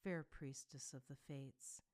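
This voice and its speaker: A woman's voice: extremely low pitch, fairly even intonation, slow, a little mellow. A woman reading the lines of a proud ancient Egyptian king who speaks formally and with command. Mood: regal.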